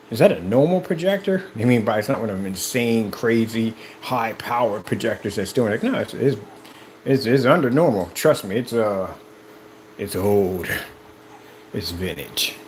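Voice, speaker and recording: An animated man pitching his product on camera, his pitch leaping up and down as he lectures viewers. He sounds like a preachy home-video salesman, with a faint hum of room noise behind him. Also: poor audio. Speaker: product seller and presenter. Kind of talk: excited product demo vlog. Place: indoor room with projector and screen.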